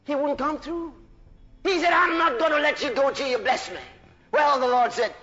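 A man preaching a sermon, animated, breaking into shouts of hallelujah and laughing between phrases. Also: extremely high pitch, normal speed, dull audio.

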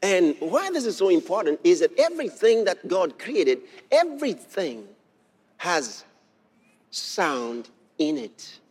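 A man preaching a sermon as pastor, emphatic and building to shouts. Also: sits high, very animated, slow pace, husky. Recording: long hall reverb.

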